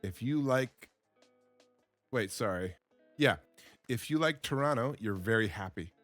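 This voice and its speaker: Slow-talking man teaching simple English. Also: medium pitch, faint music behind. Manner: repeats words, reacts with excitement to the play. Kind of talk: slow, simple English lesson over game footage.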